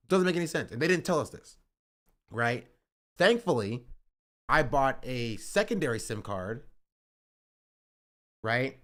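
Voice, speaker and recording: A man talks at an ordinary middle pitch in loose, rambling casual chat. He keeps looping back on himself, restarting sentences and tagging lines with "right?" or "you know?" as if checking in with the listener. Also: a bit bright. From United States. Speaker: streamer.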